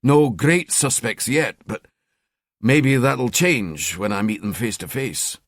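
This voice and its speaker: A man's voice: medium pitch, animated, slow, no echo, clean studio sound. A man voicing a cheeky, sardonic male police detective in an audiobook. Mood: wry. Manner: wry, chatty.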